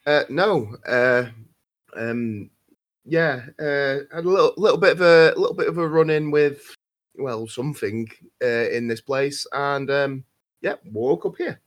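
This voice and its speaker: A man's voice: medium pitch, measured pace. A man playing a character in a tabletop game, speaking hesitantly with many ums and restarts. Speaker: player. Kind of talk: tabletop role-play.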